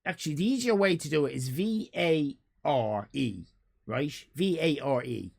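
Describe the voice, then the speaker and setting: A man's voice: a little high, animated, normal speed, vocal fry, a little mellow. A man with an Irish accent, chatting casually to his live-stream audience, rambling and joking and calling out viewers by name. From Ireland. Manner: rambling, jokey, talks to chat by name.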